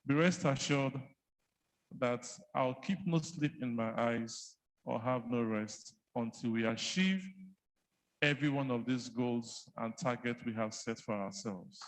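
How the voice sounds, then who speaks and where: A man's voice: mid-range voice, unhurried, low-quality recording. A man with a Nigerian accent giving an earnest, heartfelt public speech as health commissioner at a conference. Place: conference hall.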